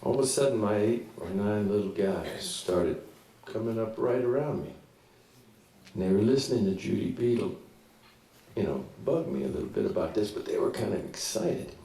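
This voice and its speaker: A man telling a story live on stage in a small listening room, in an animated, folksy way and acting out voices. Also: fairly low pitch, moderate pace. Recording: roomy venue, distant mic, audience laughter.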